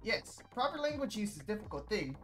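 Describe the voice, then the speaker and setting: A woman's voice: medium pitch, very animated, fairly quick, soft background music, pitched above the performer's own voice, lightly acted. A woman voicing a prim, pushy announcer-school teacher in a video game, speaking in a formal, correcting, salesy way.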